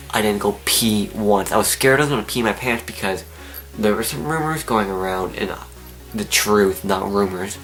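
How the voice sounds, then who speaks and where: Excitable teen guy telling a story. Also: fairly low pitch. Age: teens. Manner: excitable, animated, acts out his own screams and whispers. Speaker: vlogger. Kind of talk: storytelling to camera.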